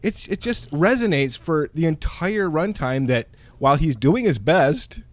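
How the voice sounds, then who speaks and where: A man's voice: fairly high pitch, animated, a little slow, no room sound. A man co-hosting a movie podcast, talking emphatically, repeating himself and swearing. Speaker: podcast co-host. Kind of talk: casual movie review chat.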